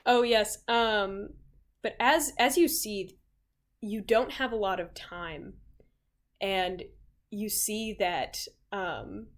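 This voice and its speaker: A young woman running a tabletop game, narrating a scene in an unhurried, halting way with many fillers. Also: mid-range voice. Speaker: game master.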